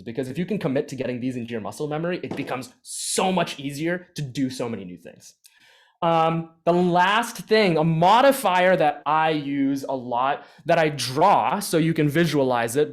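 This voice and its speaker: A man leading a beatboxing workshop in a casual, energetic teaching style, full of fillers and restarts, speaking into his own microphone. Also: on the high side. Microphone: own microphone with adjustable gain.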